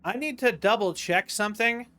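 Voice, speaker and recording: A man's voice: high-pitched, normal speed, sharp tone. A man with a General American accent, chatting casually and rambling on a live stream from home. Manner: rambling, chatty, full of fillers and restarts. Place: home, indoors.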